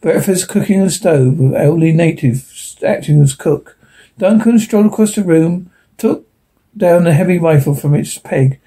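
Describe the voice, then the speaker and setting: Male audiobook narrator for a science fiction story; slightly high, husky voice, steady reading with occasional restarts. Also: normal speed.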